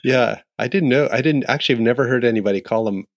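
A man's voice: mid-range voice, quick pace, no echo, clean studio sound. A man co-hosting a casual podcast, rambling and jokey, musing aloud with lots of fillers. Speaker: podcast co-host. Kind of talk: casual chat.

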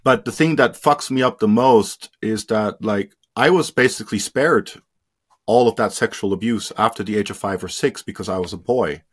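A man who grew up in India, a guest in an interview giving personal testimony, speaking haltingly with many fillers and restarts and trailing off quietly. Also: lowish voice, breathy edge. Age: adult.

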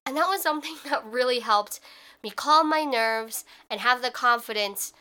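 Bright-voiced young woman podcast host. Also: a little high, moderate pace. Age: young adult. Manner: chatty, filler-heavy, reflective. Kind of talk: casual solo podcast talk.

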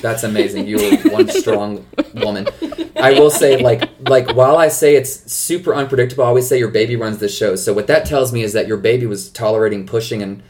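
A male midwife talks openly on a casual podcast. His voice sits at an ordinary middle pitch, and his delivery is frank and cheerful, with easy laughter between points. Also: fairly quick, darkish tone. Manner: frank and upbeat, laughs easily. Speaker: midwife and nurse practitioner guest.

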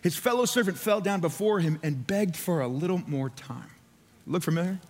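A man's voice: high voice, animated, normal speed, a little mellow. A man preaching a sermon as pastor, casual and conversational, with lots of "like" and acted-out voices for the people in the story. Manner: conversational, filler-heavy preaching with acted-out quotes. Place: church sanctuary. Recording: church hall reverb.

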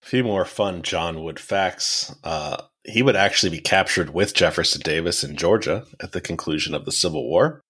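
A man with a fairly low voice narrates history on a podcast, laying out events in a casual, explanatory way. He slips in wry, dry jokes between the facts and keeps an easy conversational tone. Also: lively intonation, moderate pace, hardly any pauses, bright, forceful tone, breathy edge. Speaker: podcast host.

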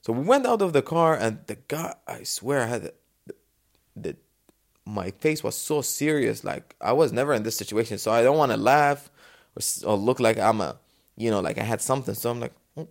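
A man from Dubai hosting a solo podcast, talking off the cuff in a casual, animated way and acting out the voices in his stories. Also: medium pitch, moderate pace, gravelly. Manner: casual, animated storytelling, acts out quotes. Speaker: podcast host. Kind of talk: unscripted solo podcast talk.

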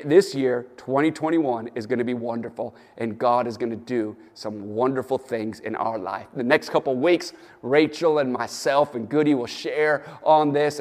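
A man's voice: fairly high pitch, darkish tone, long reverb tail. A man preaching a sermon as pastor, rousing his listeners and urging them on with a repeated "come on.". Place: church or studio, preaching to an online audience.

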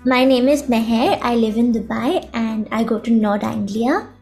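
A woman's voice: fairly high pitch, moderate pace, a little mellow, faint music behind. A thirteen-year-old girl answering podcast questions thoughtfully, with some hesitation. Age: teens. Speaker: guest. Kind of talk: casual chat.

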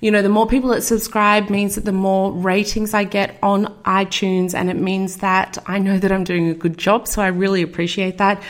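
A woman's voice: medium pitch, little pitch movement, moderate pace, hardly any pauses. A middle-aged woman hosting her own podcast, talking casually and enthusiastically as a marketing coach. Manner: upbeat, chatty, enthusiastic. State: out of breath. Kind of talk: casual solo podcast talk.

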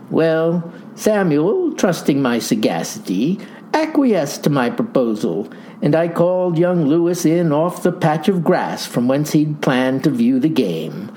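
A woman's voice: low-pitched, sing-song, unhurried, warm tone. A woman narrating a comic first-person story, with florid, mock-grand wording and folksy asides.

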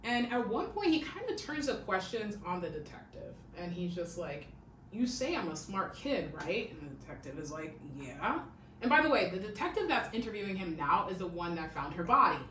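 A woman's voice: fairly low pitch, sing-song, fairly quick, hardly any pauses, pushed and bright. Chatty woman telling a crime story. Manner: chatty, peppered with "like" and "okay?". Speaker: podcast host. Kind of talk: casual true-crime storytelling. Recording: echoey room, distant mic, faint hiss.

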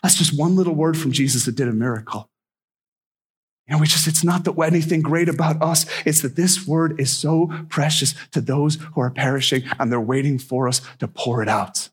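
Husky high-voiced male preacher. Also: normal speed. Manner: conversational, emphatic, repeating phrases. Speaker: missionary preacher. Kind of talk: sermon.

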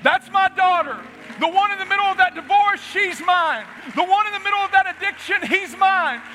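A preacher shouting as a proud heavenly father. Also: extremely high pitch, normal speed, a little hiss or hum, pitched above the performer's own voice. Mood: proud, exultant. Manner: shouting with loud joyful pride. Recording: reverberant hall with faint music.

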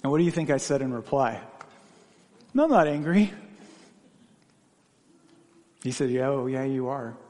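A man's voice: medium pitch, steady tone, fast, warm tone, in a large hall. A man preaching a sermon, asking the congregation questions and telling stories from his own life. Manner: questioning, earnest, personal anecdotes. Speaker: pastor.

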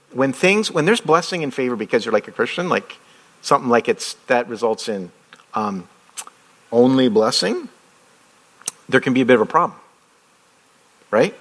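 A man preaching in a relaxed, talkative way, pausing on fillers and firing off rhetorical questions as he tells stories. His voice sits at an ordinary middle pitch. It sounds like a pastor chatting with his congregation more than lecturing. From outside the United States. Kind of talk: conversational sermon.

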